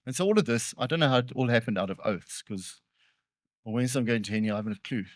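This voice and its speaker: Speaking fast at a typical male middle pitch, this preacher talks to his congregation in an easygoing way. He leans into sincere points, then deflates them with joking, self-deprecating asides, all captured in a close, dry recording with barely any echo.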